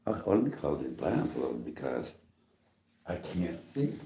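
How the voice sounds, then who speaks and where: A man's voice: rumbling low, very animated, normal speed, vocal fry, mellow, a little hiss or hum. A middle-aged man hosting a casual livestream from his home, chatty and greeting viewers by name, coughing often. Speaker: livestream host. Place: home room. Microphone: phone on a tripod.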